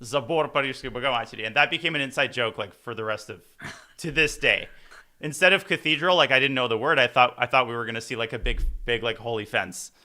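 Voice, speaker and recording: A man's voice: medium pitch, a little fast, pushed and bright. A man commentating on chess in casual live talk, playful and rambling, telling jokes and stories.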